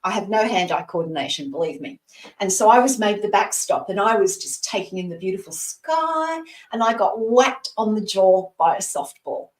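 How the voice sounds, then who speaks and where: A woman's voice: medium pitch, lively intonation, moderate pace. Scottish-born psychic woman in her 60s, reassuring live card reading, roomy sound from a distant mic. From Scotland. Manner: warm, reassuring, talks to the asker by name. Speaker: psychic reader.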